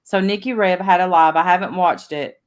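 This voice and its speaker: Casual woman livestream host, lowish voice, chatty and self-amused. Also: normal speed, clear, resonant tone. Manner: chatty, laughs at herself, reads viewer names aloud.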